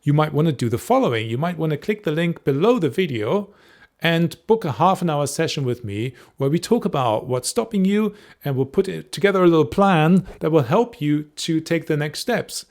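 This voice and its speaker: A man's voice: a little high, animated, normal speed, a little mellow. A man giving a to-camera lesson as a presenting coach, talking directly and checking in with the viewer as he explains. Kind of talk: instructional talk to camera.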